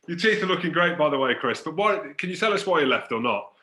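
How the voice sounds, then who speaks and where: A man from Scotland hosting a loose, joking interview, ribbing his guest as he goes. His voice has a bright, forceful edge. The room around him rings noticeably. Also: fairly high pitch, fairly quick, roomy sound. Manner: joking, teasing, animated. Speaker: host. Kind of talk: casual interview banter.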